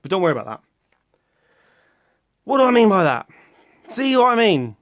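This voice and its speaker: A British man rambles to his viewers in a casual vlog, poking fun at himself and swearing offhandedly. His voice sits fairly high for a man, and it bursts into loud, animated exclamations. The sound is close and dry, with no room echo. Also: moderate pace. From Britain. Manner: rambling, self-mocking, with sudden loud animated outbursts. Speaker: YouTuber.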